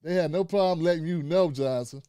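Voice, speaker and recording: A man's voice: fairly high pitch, fairly quick, dark tone, clear, resonant tone, dry recording, clean studio sound. A middle-aged man, hosting a casual live stream, loose and chatty and calling out to his viewers. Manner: loose and chatty, talks to chat and producer, frequent "man" and "fam". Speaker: live-stream show host.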